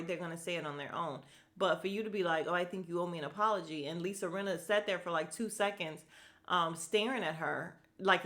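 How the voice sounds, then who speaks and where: A woman's voice: lowish voice, pushed and bright. A woman hosting a podcast, recapping a reality show in a casual, blunt way, swearing freely and laughing often. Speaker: podcast host.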